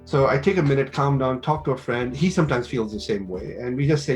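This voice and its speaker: A middle-aged man who teaches business talks through advice in a relaxed interview. He tells stories, acting out both sides of each conversation. Faint music plays quietly under his voice. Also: mid-range voice, fairly quick, few pauses. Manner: animated storytelling with quoted dialogue. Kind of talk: casual interview talk, giving advice.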